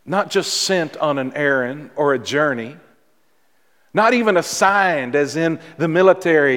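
A man delivers a sermon at an unhurried pace, his voice sitting slightly high. He pauses between phrases and repeats key words for weight. The sound rings with the long reverb of a church hall. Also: expressive, fairly bright tone. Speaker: pastor. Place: church sanctuary.

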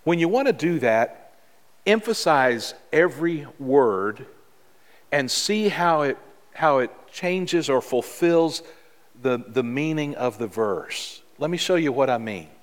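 A man preaching a sermon as pastor, in a measured, earnest way with emphatic pauses. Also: fairly high pitch, lively intonation. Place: church sanctuary. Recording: long reverb of a large hall.

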